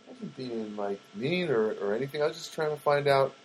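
A man's voice: medium pitch, expressive, brisk, breathy edge, rough recording. A man hosting a rambling comedic monologue, full of fillers and sarcastic asides. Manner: rambling, lots of fillers and self-corrections, sarcastic.

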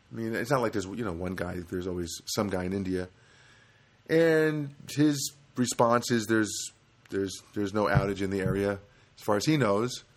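A man telling a humorous personal anecdote in a rambling, self-deprecating, grumbling way. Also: lowish voice. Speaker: storyteller.

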